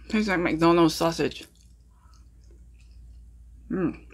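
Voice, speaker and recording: This casual cooking and mukbang chat features a woman whose voice is on the low side and a bit bright, speaking at normal speed. As she cooks and eats breakfast, she talks directly to viewers, asks them questions, and uses lots of ums and uhs, with faint music playing behind her.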